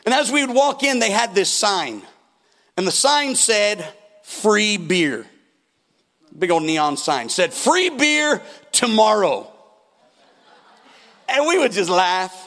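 A man's voice: high-pitched, sing-song, moderate pace, a bit bright. A man preaching a sermon as pastor, telling stories and acting out the people in them. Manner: storytelling preacher, acts out quotes with big shifts. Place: church hall. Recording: long hall reverb.

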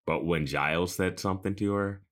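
Very deep-voiced man giving sarcastic takes. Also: brisk. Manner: sarcastic, opinionated, trails off softly. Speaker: podcast co-host. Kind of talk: casual chat, opinionated commentary.

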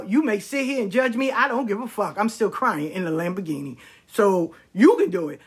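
Husky-voiced woman, blunt and profane. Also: mid-range voice, a bit bright. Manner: mimics people in quoted asides. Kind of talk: candid storytelling monologue.

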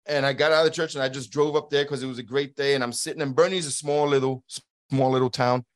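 A middle-aged man speaks as an interview guest, in a voice of ordinary pitch, recorded dry and close with no room sound. He tells his story earnestly, acts out what others said, and stumbles over repeated words. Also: fairly even intonation, quick pace, no room sound. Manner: earnest, acts out quoted dialogue. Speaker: guest, former border agent. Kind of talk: conversational storytelling.

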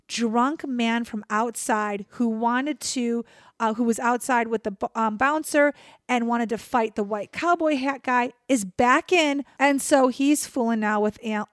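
A woman co-hosting a podcast, telling a story in a lively, excitable way. Her voice sits a little high, and the recording is close and dry. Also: measured pace, no echo. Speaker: podcast co-host. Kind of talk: casual storytelling chat.

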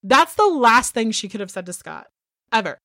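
A woman in her thirties co-hosting a podcast, recapping in casual chat and swearing freely as she gets animated. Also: a little high, normal speed, dry recording, studio quality. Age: 30s. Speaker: podcast co-host.

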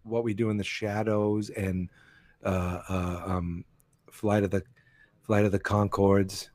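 A man's voice: on the low side, flat delivery, takes it slowly, a little mellow, no echo. Rambling, jokey male podcast guest. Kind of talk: casual podcast chat.

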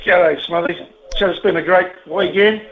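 A New Zealand man calls in to a radio talkback show, his slightly high voice squeezed through a thin, tinny phone line with slight background noise. At a moderate pace he rambles bluntly, wears his heart on his sleeve, and swears casually.

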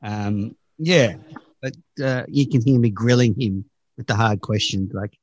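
A man's voice: lowish voice, a little slow, a little mellow, dry recording, muffled recording. A man hosting a cricket podcast, chatty and leading the conversation with quips. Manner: chatty, leads the show with quips. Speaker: podcast host. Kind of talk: casual podcast chat.

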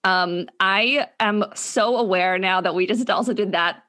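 A woman's voice: medium pitch, fairly bright tone. Upbeat woman hosting a podcast. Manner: quick, upbeat, steers the segments. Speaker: podcast host. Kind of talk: casual podcast chat.

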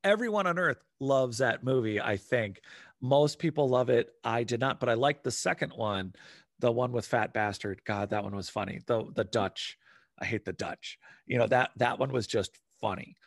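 Rambling, animated man in dry close-up. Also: mid-range voice, moderate pace, vocal fry, no echo. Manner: rambling, animated, swears casually. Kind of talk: casual chat.

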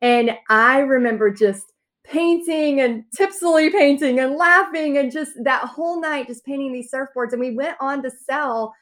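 Podcast guest: animated female storyteller, slightly high voice, acts out every quote. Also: moderate pace.

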